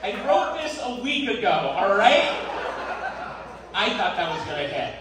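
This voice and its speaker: A man's voice: high voice, big pitch swings, a little slow. A man hosting a stand-up comedy show, rambling and self-deprecating, laughing through his lines. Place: live comedy venue on stage. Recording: echoey room, distant mic, loud noise.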